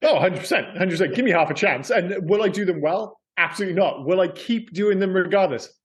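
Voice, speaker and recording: A man in casual podcast chat about films. His voice sits a little high for a man. He jokes, swears freely and breaks into laughter often. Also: fast talker. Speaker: podcast co-host.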